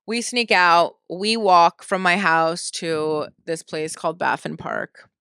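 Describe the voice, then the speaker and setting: A woman's voice: lowish voice, slow pace, creaky, clean tone, no room sound, clean studio sound. Swearing young woman telling a story. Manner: animated, lots of "like" and swearing. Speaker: podcast host. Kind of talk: casual storytelling.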